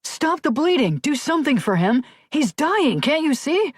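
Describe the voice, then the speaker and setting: A man's voice: very high voice, sing-song, normal speed, no room sound, studio quality, pitched above the performer's own voice. Woman voicing a frantic young rookie cop. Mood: panicked. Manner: frantic shouting. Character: panicking young male rookie officer. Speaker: audiobook character.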